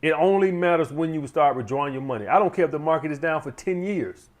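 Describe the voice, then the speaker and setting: A man's voice: fairly high pitch, animated, quick pace. A man hosting his own channel, giving blunt, profane money advice in a casual monologue and often turning to the audience as "guys.".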